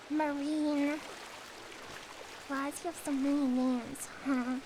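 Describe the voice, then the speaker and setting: A woman's voice: high voice, level tone, slow pace, long pauses, darkish tone, slight background noise. A young woman streaming a game, chatting playfully and giggling between remarks. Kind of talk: casual gameplay commentary.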